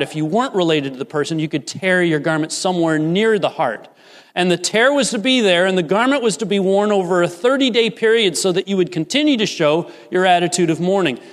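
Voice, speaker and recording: A man delivers a sermon with a fairly high voice. He swings between rising, emphatic peaks and hushed, low asides. His voice rings with a long reverb from a church hall. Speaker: pastor.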